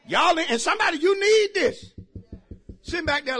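High, bright-voiced preaching man. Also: expressive, normal speed. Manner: shouting preaching with sudden drops to quiet asides; joking and laughing with the congregation. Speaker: pastor. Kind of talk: sermon. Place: church.

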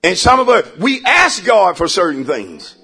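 A pastor preaching to his church, calling for responses and rising into shouts. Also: high voice, very animated, moderate pace, breathy edge. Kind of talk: call-and-response sermon.

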